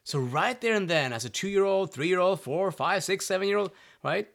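In this motivational monologue, a man who is an adult parent and self-help speaker addresses his listeners earnestly and directly, regularly checking in with "right?" and asking whether they follow. He speaks at a normal speed in a high voice with lively intonation, vocal fry, and a fairly bright tone.

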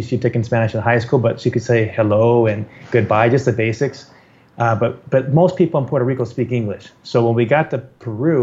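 A middle-aged man from California tells a personal story in a relaxed, energetic way. He restarts his sentences and repeats words as he goes, with some self-deprecating humor, at a pitch typical for a man. The recording sounds a bit dull and muffled. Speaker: guest telling his story. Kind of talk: casual storytelling.

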